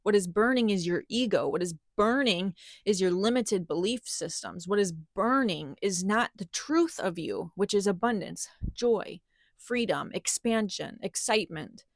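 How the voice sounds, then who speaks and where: A woman's voice: mid-range voice, lively intonation, unhurried, dry recording. Earnest woman preaching inner growth, dry close mic. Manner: earnest, emphatic, acts out inner voices. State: out of breath. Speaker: spiritual teacher. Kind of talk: impassioned spiritual monologue to camera.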